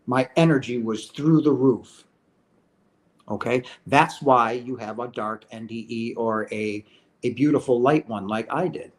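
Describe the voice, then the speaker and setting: A middle-aged man hosting a question-and-answer video, speaking in an earnest, emphatic way and often checking in with "right?". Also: medium pitch. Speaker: host answering viewer questions. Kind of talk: casual spiritual talk.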